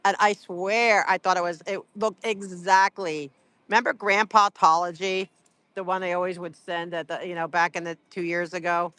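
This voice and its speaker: Bright, rambling livestreamer on the street. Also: mid-range voice, flat delivery, normal speed, clean tone, dry recording. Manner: rambling, full of "like" and "you know"; teasing, chatty. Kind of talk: casual livestream chat with viewers.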